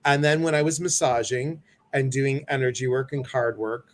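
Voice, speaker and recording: A man hosting a casual chat, telling stories in an animated way and acting out the people in them. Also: mid-range voice, normal speed, few pauses. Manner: animated storytelling, acts out voices. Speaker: host.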